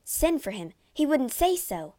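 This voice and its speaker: A woman voicing a gentle, innocent young wife with a soft, quavering, pleading voice in a storybook reading. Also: sits high, big pitch swings, unhurried, voice pushed up.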